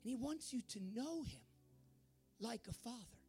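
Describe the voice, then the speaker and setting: A man preaching a sermon in a fervent way, at times rising to shouts. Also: extremely high pitch, lively intonation, normal speed, soft background music. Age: adult.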